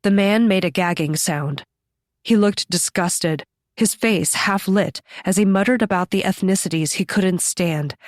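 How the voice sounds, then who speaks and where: A woman reading a horror novel aloud in steady, measured scripted narration on a close microphone. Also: medium pitch, no echo. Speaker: audiobook narrator.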